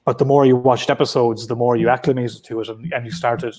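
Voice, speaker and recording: An Irish man chats from home through his laptop on a video call. His voice sits at an ordinary middle pitch, and he talks in loose, rambling runs. He restarts his sentences often and leans on easy filler words. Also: steady tone, fairly quick, darkish tone, slightly rough. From Ireland. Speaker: guest comic writer. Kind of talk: casual interview over video call.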